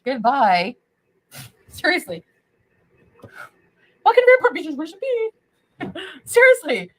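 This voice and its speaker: A woman's voice: very high-pitched, very animated, slow pace, a bit bright, poor audio. A drunk woman on a livestream, hurling profane, taunting insults in an angry rant. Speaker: online streamer.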